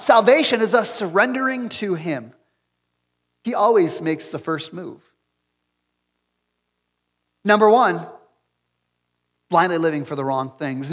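A man's voice: high voice, fairly bright tone. A man preaching a sermon in an earnest way, repeating key phrases for emphasis. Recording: long hall reverb.

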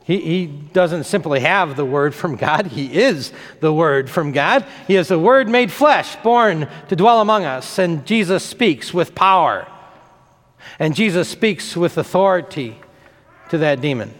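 Male pastor, somewhat high voice, animated and emphatic delivery, long church echo. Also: measured pace. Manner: emphatic, repeats phrases for effect. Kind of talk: sermon.

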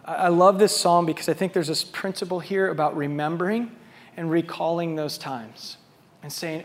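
A male pastor with a high, light voice delivers a conversational sermon. He drops to soft, near-quiet stretches and then swells loud and emphatic. The sound carries a long reverb tail from a large hall. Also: normal speed. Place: church sanctuary with a small live audience.

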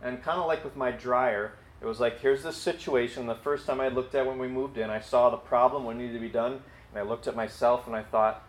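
A man's voice: mid-range voice, a little fast, reverberant, a little hiss or hum. A man preaching a conversational sermon, acting out dialogue and using frequent fillers. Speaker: pastor.

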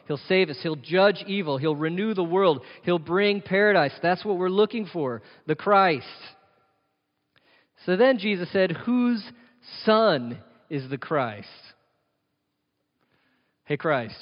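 A man's voice: high voice, measured pace. Man preaching a sermon in a hall. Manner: rhetorical questions, emphatic repetition. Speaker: pastor. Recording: dull sound with long reverb of a hall.

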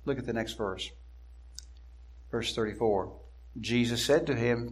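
A man preaching an expository sermon, deliberate and emphatic, slowing down to stress key words. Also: mid-range voice.

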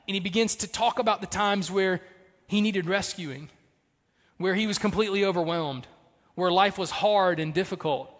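A man preaching a sermon as pastor, emphatic, swinging between loud punches and soft trailing lines. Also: high-pitched, long reverb tail.

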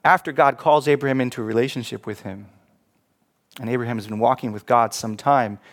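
A man preaching a sermon as pastor, animated, acting out quoted voices and laughing at himself. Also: medium pitch, a little fast.

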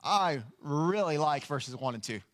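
A man preaching a sermon, earnest and emphatic, slowing down to stress key lines. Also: on the high side, lively intonation, fairly bright tone. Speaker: pastor.

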